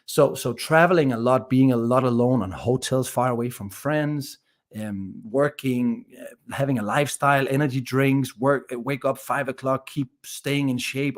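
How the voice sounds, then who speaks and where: A man in his thirties with a Danish accent, a guest telling his story in a casual interview, energetic and full of restarts. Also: mid-range voice. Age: 30s. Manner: energetic, many restarts and repeated words. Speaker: guest entrepreneur.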